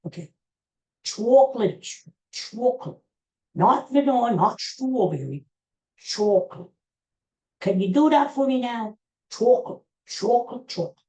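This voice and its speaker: A woman putting on an impression of a gruff older male politician, insistently ordering ice cream and repeating herself. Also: a little high, lively intonation, measured pace, pauses often, warm tone, echoey room, pitched above the performer's own voice, poor audio. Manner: emphatic, insistent, repeating words.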